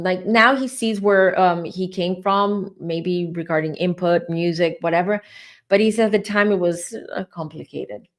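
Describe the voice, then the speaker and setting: A woman's voice: lowish voice, creaky. A middle-aged woman doing a live tarot reading, talking in a rambling, chatty and openly emotional way. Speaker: tarot reader.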